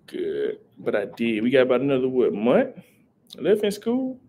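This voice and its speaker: A young man talks loosely into a headset mic, greeting chat as he goes. His voice sits at an ordinary middle pitch. A faint noise runs under the recording. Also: wildly swooping pitch, normal speed, mellow. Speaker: live streamer. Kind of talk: casual live-stream chat.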